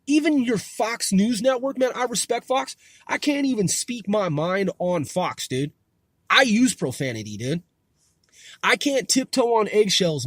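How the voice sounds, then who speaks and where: A man's voice: high voice, a bit bright, slightly rough, no room sound, clean studio sound. A man hosting his own podcast, ranting with heavy profanity and repetition, filling nearly every line with "dude" and "man". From United States. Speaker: podcast host. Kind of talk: profane political rant.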